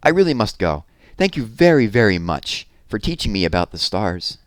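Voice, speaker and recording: A man voicing a small, curious baby barn owl from a storybook, wide-eyed and excitable. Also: fairly low pitch, normal speed, clear, resonant tone, no echo, studio quality. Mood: eager.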